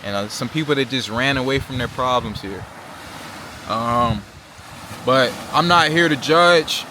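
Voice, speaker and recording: A man's voice: medium pitch, measured pace, pushed and bright, slight background noise. Young American man vlogging by a road. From Virginia Beach, Virginia, USA. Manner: slangy, earnest, repeats "right?" and "you know?". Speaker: travel vlogger. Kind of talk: casual vlog talk to camera.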